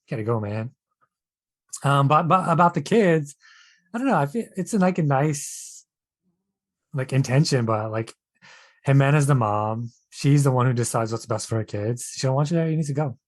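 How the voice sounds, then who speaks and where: Chill podcast guy, easygoing, hesitant, mid pitch. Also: normal speed. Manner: relaxed, hesitant, many fillers. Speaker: podcast co-host. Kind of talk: casual reality-TV recap chat.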